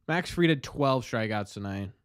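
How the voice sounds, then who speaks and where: A young man hosts a live baseball watch stream, reading chat and venting. His voice sits at an ordinary pitch, and he talks in restless, self-interrupting bursts. The sound is close and dry, with no room around it. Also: smooth, no room sound. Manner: rambling, frequent restarts, exasperated. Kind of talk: casual live-stream game commentary.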